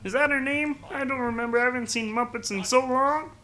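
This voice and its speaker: A man putting on a silly, high-pitched impression of a frog puppet character while commenting on a game. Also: brisk, pushed and bright. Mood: playful. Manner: silly, testing the voice mid-sentence. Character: Kermit-style frog puppet voice, high and bright.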